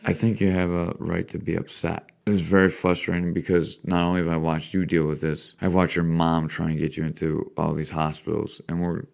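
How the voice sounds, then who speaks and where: A man hosting a podcast, gently coaxing and encouraging his young guest in a plainspoken, casual way. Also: sits low, flat delivery, a little fast, creaky, few pauses. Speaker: podcast host. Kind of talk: casual interview.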